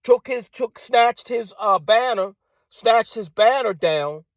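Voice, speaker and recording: A man delivering a combative monologue, repeating his phrases and firing off rhetorical questions, sometimes dropping to a hushed tone. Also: extremely high pitch, lively intonation, slow, no echo, clean studio sound. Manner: drops to hushed tone at times. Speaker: commentator. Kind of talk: ranting monologue.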